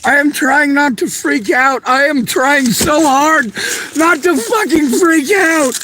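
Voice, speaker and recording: A man with a very high, sharp-edged voice vents to the camera. He sounds distressed and close to tears, and he swears freely. Faint noise sits behind him. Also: slow, rough recording. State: upset, near tears. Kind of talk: venting to camera.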